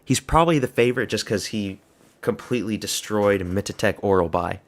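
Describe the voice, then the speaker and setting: A man's voice: on the low side, fairly quick. A man giving casual, rambling live reaction commentary at a fight watch party, blunt and offhand. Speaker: MMA fan host of a watch party stream.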